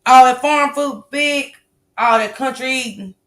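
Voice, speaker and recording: A woman's voice: high-pitched, measured pace, fairly bright tone. Chatty woman live-streaming. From American South. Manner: loose, chatty, swears freely, laughs often. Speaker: livestream host. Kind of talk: casual live-stream chat reading comments.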